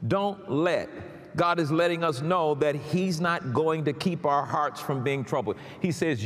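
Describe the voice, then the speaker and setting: A male preacher delivering a sermon, swinging from quiet explanation to fervent shouting. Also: on the high side, unhurried. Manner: builds to fervent shouting, then drops to quiet asides. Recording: echoey hall with faint noise.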